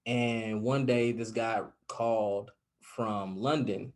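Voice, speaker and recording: A young man speaks as a guest on a podcast, with a voice sitting a little low. He tells his stories in a casual, excitable way and gets animated when he reaches the good parts. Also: slow pace. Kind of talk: casual interview chat.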